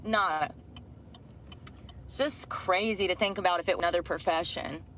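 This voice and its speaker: A woman's voice: lowish voice, moderate pace, a bit bright, a little hiss or hum, rough recording. A middle-aged woman ranting bluntly and profanely about her job. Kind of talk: candid rant.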